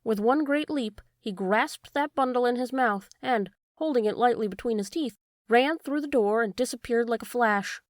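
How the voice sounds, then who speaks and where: A woman narrating a classic children's storybook with a steady, expressive delivery. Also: on the high side, moderate pace, dry recording, clean studio sound. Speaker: audiobook narrator. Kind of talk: storybook reading.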